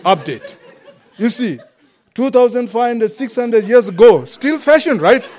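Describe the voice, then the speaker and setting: A man teaching as a Buddhist monk, speaking halting English that is not his first language, often pausing to find a word and chuckling through his points. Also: extremely high pitch, lively intonation, darkish tone. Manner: broken English, often gropes for words. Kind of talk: dharma talk to a group.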